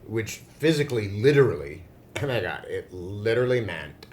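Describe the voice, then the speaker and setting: A man from Australia, a voice actor being interviewed at a fan convention, telling stories in a playful, joking way with deadpan dark humor. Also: on the low side, normal speed, slight background noise. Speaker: voice actor guest.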